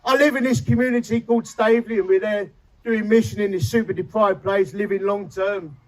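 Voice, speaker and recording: A man's voice: high-pitched, steady tone, brisk, poor audio. A man, preaching a sermon and telling his conversion story with feeling and humor. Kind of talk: sermon testimony. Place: chapel.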